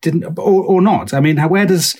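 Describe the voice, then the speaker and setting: A man's voice: fairly high pitch, moderate pace, a little mellow, breathy edge. A man co-hosting a podcast, who jumps in eagerly with questions. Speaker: podcast co-host. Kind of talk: podcast conversation.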